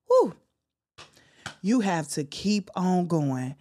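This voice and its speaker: Heartfelt woman podcast host, low voice. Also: measured pace, darkish tone. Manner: heartfelt, testifying, exclaims often. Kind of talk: emotional solo podcast talk.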